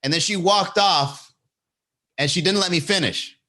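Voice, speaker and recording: A man hosting a comedy podcast, telling a story in a loose monologue and jumping into high voices for the people in it. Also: unhurried. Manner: animated, jumps into high-pitched impressions of people in his stories.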